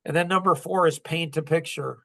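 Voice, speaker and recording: A man's voice: fairly high pitch, steady tone, a little fast, gravelly, a bit bright. A man in his sixties telling personal stories in a casual, reflective podcast chat, earnest and rambling, often saying "like". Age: 60s. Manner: earnest, rambling, heavy use of "like". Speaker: podcast host.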